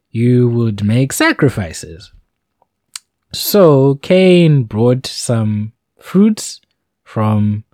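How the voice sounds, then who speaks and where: A man's voice: lowish voice, dark tone, dry recording, studio quality. A man giving a casual, meandering monologue with informal asides. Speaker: solo talker.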